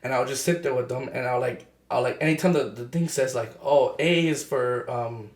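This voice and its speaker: A young man talking in casual chat as a podcast co-host, halting and full of fillers and restarts. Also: mid-range voice, echoey room.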